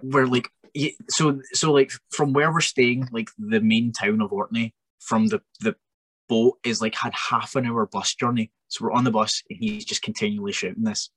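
A young Scottish man, a wrestler guest on a podcast, telling an animated story in an exasperated, ranting way with many restarts. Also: medium pitch, moderate pace, husky, no echo.

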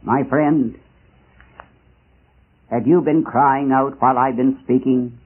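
A man preaching a missionary sermon, impassioned and dramatic, with rising rhetorical questions and slow emphatic pauses. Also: medium pitch, steady tone, husky. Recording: tinny lo-fi archival recording.

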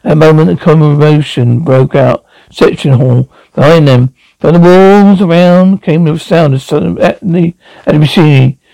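A man's voice: a little high, normal speed, vocal fry, dark tone, no room sound, rough recording. A man reading a novel aloud as an amateur audiobook, often stumbling and repeating words. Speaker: reader.

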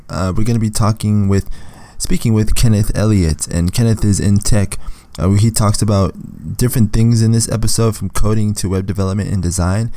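A man hosting a podcast in a relaxed, chatty way, with a lot of fillers and a slightly rough morning voice. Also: fairly low pitch, dry recording. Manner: laid-back, chatty with many fillers. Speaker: podcast host. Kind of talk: casual interview chat.

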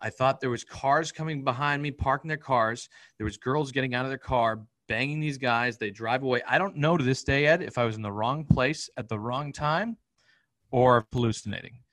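A man, a podcast guest, telling a personal story in a rapid, profane, vivid way. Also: mid-range voice, fairly bright tone, no room sound, poor audio. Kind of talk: candid storytelling in an interview.

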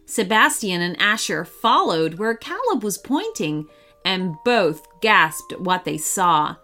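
A woman reads a children's story aloud in a slow, unhurried way. Her voice rises and falls with lots of expression, on the high side. Faint music plays softly underneath. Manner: warm, animated and expressive.

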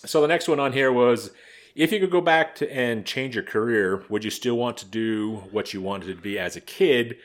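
A man's voice: medium pitch, moderate pace. A man hosting a podcast, telling an anecdote in casual chat and swearing freely. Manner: animated storyteller, swears freely. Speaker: podcast host.

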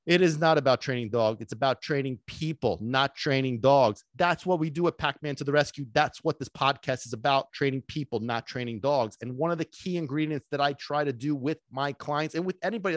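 A man hosting a solo podcast as a dog trainer, talking in an excitable, emphatic way and dropping in Sicilian phrases and casual swearing. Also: on the high side, dry recording, studio quality. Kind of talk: energetic solo podcast talk.

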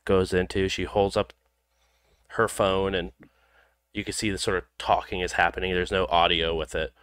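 Game master, male, low smooth voice, unhurried narration full of ums. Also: flat delivery, fairly bright tone. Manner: loose, filler-heavy narration with frequent ums. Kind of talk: narrating a tabletop role-playing game.

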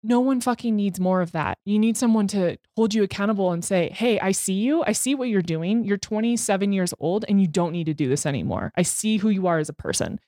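A woman's voice: medium pitch, lively intonation, brisk, few pauses, mellow, no echo, clean studio sound. A woman guest on a podcast, talking frankly and self-deprecatingly in a candid interview, swearing freely.

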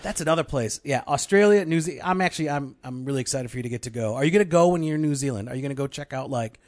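A man's voice: mid-range voice, racing, dry recording. A man co-hosting a casual theology podcast, playful and joking, easily sidetracked. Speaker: podcast co-host.

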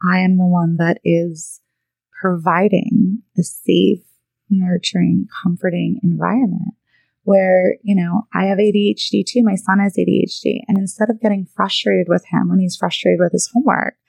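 A woman's voice: on the low side, little pitch movement, normal speed, creaky, darkish tone, dry recording, low-quality recording. A woman in her thirties, a therapist hosting her own podcast, talking conversationally with frequent "right?" and "you know" asides. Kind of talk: casual monologue.

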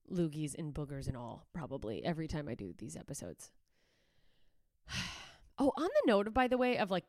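A young woman hosts her own podcast in a sarcastic, profane rant, now and then slipping into mocking voices. Her voice sits a little low and comes across smooth and clean. She sounds slightly congested, recorded close and dry with no room sound. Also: no echo. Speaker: podcast host. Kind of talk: ranting solo podcast talk.

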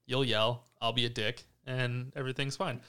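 A man hosts a relaxed podcast conversation, his voice clear and smooth at an ordinary pitch. He rambles through stories in a snarky, profane way, restarting his sentences as he goes. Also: normal speed. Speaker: podcast host. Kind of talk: casual podcast chat.

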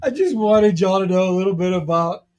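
Halting podcast host. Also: male voice, sits high, lively intonation, a little mellow, rough recording. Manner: halting, many fillers. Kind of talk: casual chat.

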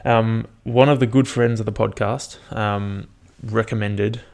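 Young man, solo podcast host, gravelly, lowish voice, rambling and sweary, casual chat. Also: fairly even intonation, unhurried, darkish tone. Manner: rambling, sweary, laid-back storytelling. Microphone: podcast microphone.

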